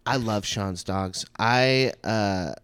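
A man's voice: on the low side, fairly bright tone, smooth, no room sound. A man co-hosting a comedy podcast, telling crude, rambling stories and often breaking into laughter. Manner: rambling, crude storytelling, quick bursts of laughter. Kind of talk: casual chat.

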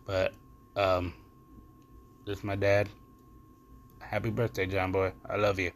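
Young male podcast host, slightly low voice, casual rambling solo talk, profane. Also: flat delivery, unhurried, a little hiss or hum.

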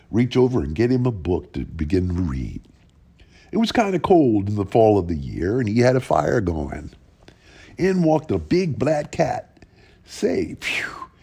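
Gravelly man telling a folk tale. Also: mid-range voice. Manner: plain, unhurried folksy telling with lively rises. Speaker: storyteller.

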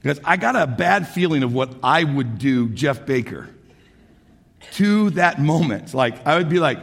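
Man, pastor, high voice, gravelly edge, animated sermon, echoey hall. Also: moderate pace. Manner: animated, swings from shouting to hushed.

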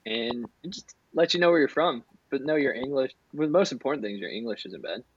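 A man's voice: mid-range voice, expressive, quick pace, breathy edge, muffled recording. A man with an Ohio accent hosting a podcast, chatting and joking in an easygoing way. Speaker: podcast host. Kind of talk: casual podcast chat.

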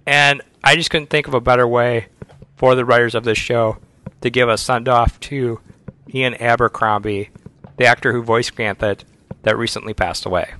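A man's voice: medium pitch, steady tone, normal speed, pushed and bright. A man co-hosting a casual podcast chat, an enthusiastic fan who breaks into playful sound effects. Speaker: podcast co-host.

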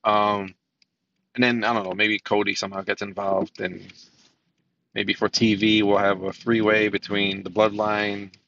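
A man with a low, gravelly voice hosts a solo podcast in a loose, rambling way. He restarts sentences, fills pauses with ums and swears offhandedly. The sound is muffled and lo-fi. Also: flat delivery, a bit bright, a little hiss or hum. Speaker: podcast host. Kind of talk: solo casual podcast commentary.

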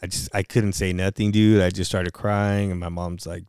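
A man's voice: deep voice, flat delivery, moderate pace, few pauses, darkish tone, clean tone, no echo, studio quality. A man co-hosting a casual chat, telling a confessional story with lots of swearing.

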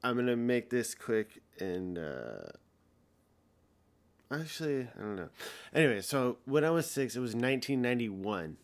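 A man's voice: medium pitch, sing-song, moderate pace. A man in his thirties hosting a podcast, telling a story in a casual, rambling, heated way with plenty of swearing. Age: 30s. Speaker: podcast host.

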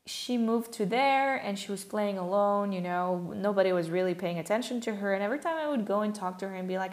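A woman whose first language is French speaks at a middling pitch, gentle and earnest, like she is sharing something personal with a friend. She keeps it conversational, loose and full of small fillers. Her voice carries a noticeable roomy echo. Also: lively intonation, fairly quick, few pauses. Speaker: speaker on inner child healing. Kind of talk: reflective personal talk.

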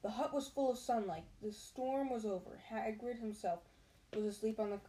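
A woman's voice: a little high, moderate pace, warm tone, rough recording. A woman reading a children's novel aloud, stopping now and then to chat and answer questions. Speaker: reader.

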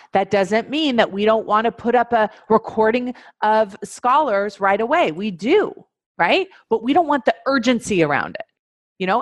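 A woman's voice: medium pitch, no echo, studio quality. A woman coaching an audience in a webinar, speaking emphatically, repeating key phrases and addressing her listeners directly. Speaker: life coach teaching a webinar. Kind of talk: instructional webinar talk.

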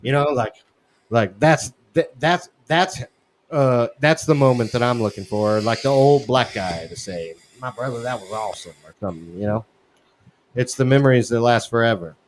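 A man's voice: mid-range voice, moderate pace, slight background noise. A man co-hosting a podcast, joking around and hesitating with plenty of fillers. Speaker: podcast co-host. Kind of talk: casual chat.

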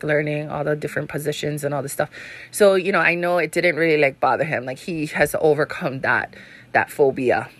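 A woman in her thirties with a low voice, telling a story on her podcast. She talks loosely, swears, laughs easily and says "you know" often. The recording is dry and close. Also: fairly bright tone, no echo. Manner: chatty, swears freely, laughs often, says 'you know' a lot. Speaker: podcast host. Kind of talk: casual storytelling monologue.

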